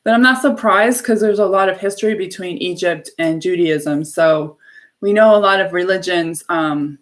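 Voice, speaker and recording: A woman's voice: fairly low pitch, moderate pace. A woman hosting a live show, telling a story in an earnest, effusive, casual way. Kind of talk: casual spiritual live-stream talk.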